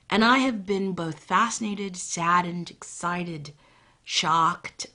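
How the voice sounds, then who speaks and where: A woman storyteller with a bright, breathy voice. She speaks intimately, slowing down and whispering to draw listeners in. Her pitch sits slightly low. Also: animated. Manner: intimate, often dropping to a whisper. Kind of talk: live storytelling.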